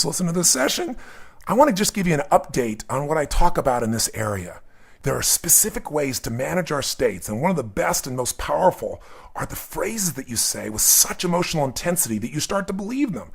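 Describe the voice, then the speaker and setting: A man in his fifties, a motivational coach giving an emphatic, energetic seminar talk. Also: fairly high pitch, vocal fry, husky.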